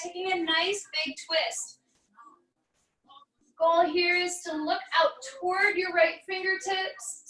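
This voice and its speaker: An American woman, a fitness instructor, calmly guiding a barre stretching class with encouraging cues and light jokes. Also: very high-pitched, reverberant, recorded from a distance, poor audio.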